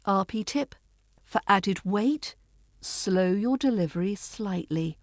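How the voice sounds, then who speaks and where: A woman's voice: medium pitch, expressive, slow pace, no room sound. British rp woman teaching on a podcast, poised and precise, dry close mic. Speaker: accent coach and podcast host. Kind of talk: scripted podcast lesson.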